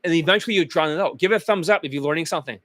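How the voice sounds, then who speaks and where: Male dating coach, higher-pitched, dry sound, pushy and profane, loves repetition. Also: very fast, fairly bright tone, dry recording. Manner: emphatic, blunt and profane, chanting phrases over and over. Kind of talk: profane motivational coaching monologue.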